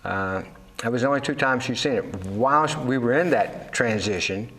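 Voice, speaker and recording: A man's voice: medium pitch, moderate pace, a bit bright. An older man, a Navy veteran and fishing captain, telling his life story candidly in an interview, full of fillers and restarts and acting out the voices of people in his stories. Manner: rambling, with many fillers and restarts.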